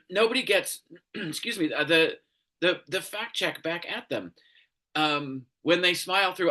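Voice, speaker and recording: A man's voice: fairly high pitch, unhurried, pushed and bright. A man hosting a commentary show, ranting angrily with lots of swearing and exasperation. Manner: angry, profane, exasperated.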